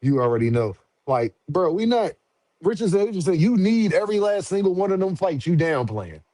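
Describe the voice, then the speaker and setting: A man holding forth on a livestream, loose and slangy, calling out to viewers as he rants. His voice sits a bit high for a man and comes across dry and close, with almost no room sound. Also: a little fast, no room sound. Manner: slangy, animated, talks back to chat. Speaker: boxing commentary streamer. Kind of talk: casual livestream commentary.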